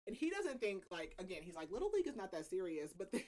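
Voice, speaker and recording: A woman's voice: medium pitch, sing-song, fast talker, a little mellow, low-quality recording. A young adult woman hosting a podcast, recapping a novel in casual chat, laughing often and leaning on "like" as filler. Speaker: podcast host.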